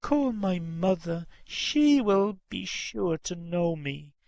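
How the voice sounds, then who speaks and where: A man's voice: sits high, lively intonation, slow pace, vocal fry, no room sound, full character voice. A man voicing a tearful pleading young woman. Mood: imploring. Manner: earnest, imploring, soft.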